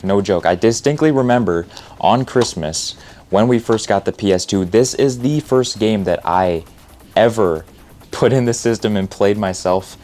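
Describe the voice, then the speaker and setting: A man's voice: lowish voice, darkish tone. A man in his thirties hosting a casual, unscripted retro game video, slangy and enthusiastic, who often stumbles and restarts his words. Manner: stumbles and restarts, says he stutters a lot; laid-back slangy enthusiasm. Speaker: retro gaming video host.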